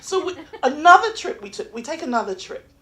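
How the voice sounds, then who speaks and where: An English woman performs open mic stand-up, telling her story in an animated way and acting out the voices. Her voice sits high for a woman. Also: a little fast. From England. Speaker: stand-up comic. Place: small comedy venue.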